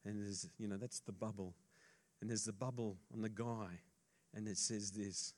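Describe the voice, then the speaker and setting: A male pastor preaching a sermon, swinging between hushed asides and loud emphasis, and joking casually with the congregation. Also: lowish voice, fairly even intonation, normal speed.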